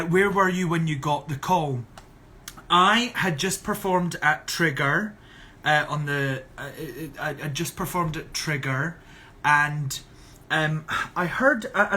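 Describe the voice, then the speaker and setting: A man's voice: a little high, a little slow, bright, forceful tone. A young Scottish man on a casual live stream, reading out viewer questions and answering in a chatty, sarcastic way. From Scotland. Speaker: drag performer on a live stream.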